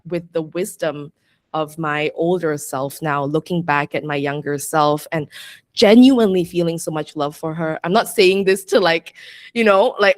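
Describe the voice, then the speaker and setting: A young adult woman guesting on a podcast, talking in an open, rambling, reflective way and laughing easily. Her voice sits a little low, and the recording is dry and close with no room sound. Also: dry recording. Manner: chatty and reflective, peppered with "like", laughs often. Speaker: podcast guest, astrologer and coach. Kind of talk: casual interview chat.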